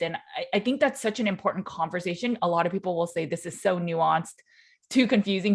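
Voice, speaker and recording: A woman hosting a podcast, chatting casually with her guest, agreeable and thinking aloud as she talks. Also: on the low side. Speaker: podcast host. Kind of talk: casual interview chat.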